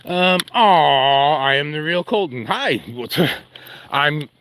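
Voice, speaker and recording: Man, bright sharp voice with faint street noise behind; joking, rambling live-stream host on a dog walk. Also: a little high, expressive, slow. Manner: jokey, rambling, talks to chat and his dog.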